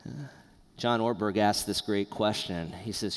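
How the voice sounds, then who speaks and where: Male pastor, lowish voice, earnest conversational sermon, reverberant hall. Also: animated. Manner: earnest, conversational preaching with pauses. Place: church sanctuary.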